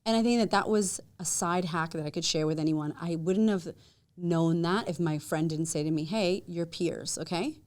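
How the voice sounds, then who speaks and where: A woman talking as a guest in a casual podcast conversation. She tells her stories with energy, acts out what people said by jumping up in pitch, laughs often, and swears casually. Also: moderate pace. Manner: animated storyteller who acts out quotes with big jumps up in pitch.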